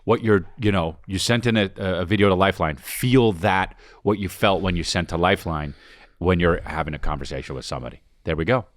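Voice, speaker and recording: A man's voice: deep voice, brisk, no echo, studio quality. A man co-hosting a comedic advice podcast, rambling and joking as he talks. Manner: rambling, jokey. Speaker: podcast co-host and touring comedian. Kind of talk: casual comedic chat.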